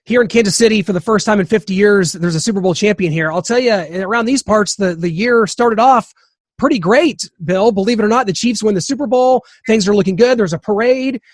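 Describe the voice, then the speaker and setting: A man's voice: sits high, fairly quick, dry recording, studio quality. A man hosting a radio interview, asking long, rambling questions padded with fillers and hedges. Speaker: radio show host.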